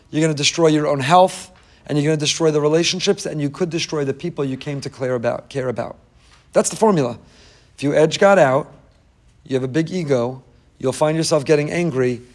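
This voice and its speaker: A man teaching a lively Torah lecture, emphatic and repeating key phrases, with joking asides to his listeners. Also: a little high. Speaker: rabbi teaching a class.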